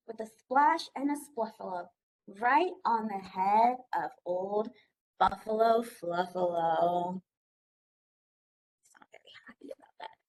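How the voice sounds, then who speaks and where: A woman's voice: a little high, slight background noise, low-quality recording. A young woman working as a children's librarian, reading a picture book aloud and asking the children questions in a sing-song way.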